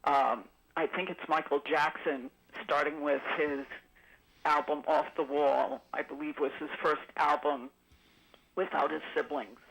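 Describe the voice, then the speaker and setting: Bright-toned chatty woman caller. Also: low-pitched, flat delivery, measured pace, gravelly, low-quality recording. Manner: chatty, rambling trivia recall with many ums. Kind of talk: call-in radio chat.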